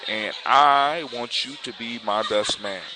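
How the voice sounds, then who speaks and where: A man's voice: mid-range voice, slow, close to an everyday voice. A man voicing an eager, earnest young prince in a spoken folktale. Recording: clear background hiss.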